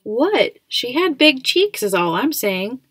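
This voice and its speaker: A woman reading aloud, voicing a playful father who teases and jokes excitedly. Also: mid-range voice, moderate pace, creaky, dry recording. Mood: teasing. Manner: excitable, teasing.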